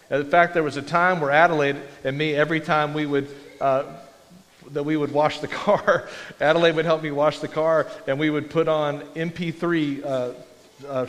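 A man's voice: on the high side, steady tone, moderate pace. A man preaching a conversational, self-deprecating sermon in a church. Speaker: pastor. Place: church sanctuary. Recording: long reverb of a large hall.

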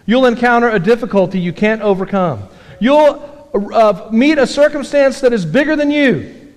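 Male pastor, high voice, folksy storyteller who builds to earnest emphasis; sermon in a church hall with long reverb. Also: lively intonation, moderate pace. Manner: folksy storytelling preacher, rising to emphatic exhortation. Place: church sanctuary.

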